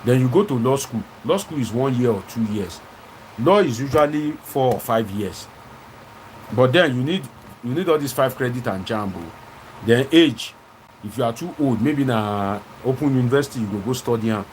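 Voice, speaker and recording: Animated Nigerian man hosting a stream. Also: mid-range voice, moderate pace, slight background noise. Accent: Nigerian English. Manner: animated, switching into Pidgin phrases. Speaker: host. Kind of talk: live-stream commentary reading viewer comments.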